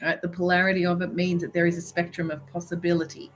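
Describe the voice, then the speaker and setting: A woman's voice: on the low side, little pitch movement, fast talker, a little hiss or hum, poor audio. A woman who is a spiritual business coach, giving a live video reading in an emphatic, preachy way. She keeps asking "right?", giggles often and swears now and then.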